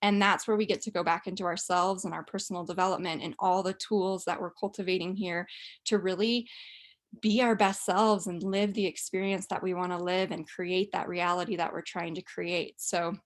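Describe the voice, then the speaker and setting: A woman's voice: lowish voice, fairly even intonation, normal speed. A young woman hosting a business mastermind live stream, talking in a bubbly, enthusiastic way with lots of "like" and "um". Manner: bubbly, enthusiastic, with frequent fillers and laughs. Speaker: host of a business mastermind call. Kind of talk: casual upbeat live-stream talk.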